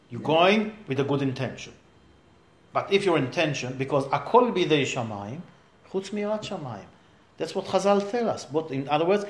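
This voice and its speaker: A man's voice: sits high, fairly bright tone, echoey room. A man, a rabbi giving a Torah class to a small group, talking emphatically and asking rhetorical questions.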